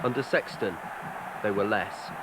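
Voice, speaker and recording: A man giving measured, wry scripted narration for a documentary. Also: on the low side, background noise.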